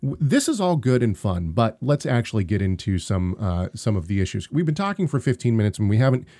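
A man's voice: on the low side, very animated, fairly quick, dark tone. A young man co-hosting a casual live-streamed podcast, talking in emphatic, rambling runs with frequent restarts. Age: young adult. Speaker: podcast co-host.

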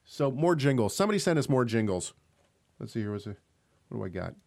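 A young man co-hosting an online radio talk show, rambling from one joke to the next and laughing as he goes. His voice sits at an ordinary middle pitch, and the talk is loose and casual. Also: very animated, fast, creaky, a little mellow. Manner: joking, rambling, laughs often. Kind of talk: casual chat.

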